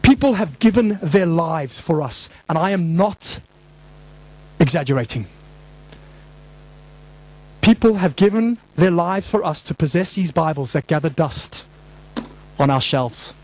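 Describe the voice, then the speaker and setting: A man's voice: fairly high pitch, animated, unhurried, pauses often, poor audio. A male pastor preaching a sermon to his congregation, emphatic and impassioned, with rhetorical questions. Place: church hall before a congregation.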